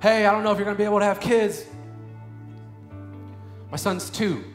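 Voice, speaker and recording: A high-voiced man in his thirties delivers a sermon, dropping to quiet storytelling and then rising into loud, fervent prayer. His voice rings in a roomy, echoing space, with faint music underneath. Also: moderate pace. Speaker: preacher. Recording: echoey room with faint music.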